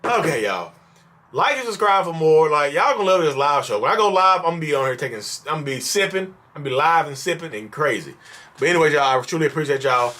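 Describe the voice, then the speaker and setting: A man's voice: fairly high pitch, lively intonation, fast talker, sharp tone. A man ranting in an exasperated, repetitive, pleading way at his viewers in a vlog monologue, calling them y'all. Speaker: mental health vlogger.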